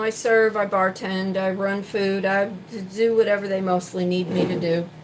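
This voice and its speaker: A woman's voice: medium pitch, noisy background. Chatty woman venting while cooking. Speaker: vlogger. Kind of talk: casual chat while cooking. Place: home kitchen.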